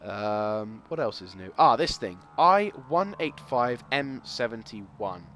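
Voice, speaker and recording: A young man hosting casual game commentary, excitable and rambling, with loud exclamations. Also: medium pitch, slow, a little hiss or hum. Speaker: gaming video host.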